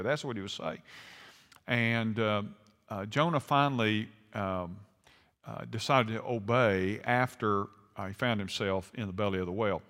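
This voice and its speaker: A man's voice: fairly low pitch, moderate pace, fairly bright tone. A man preaching a sermon in a folksy, conversational way, acting out quotes with rising intensity. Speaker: pastor. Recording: long hall reverb.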